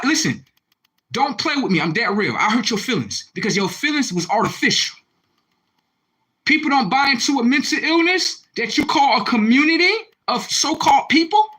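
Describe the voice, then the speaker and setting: A young man on a live stream, reacting to viewer comments in a confrontational, repetitive rant with loud outbursts. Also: very high-pitched, very animated, normal speed, breathy edge, poor audio. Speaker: livestreamer.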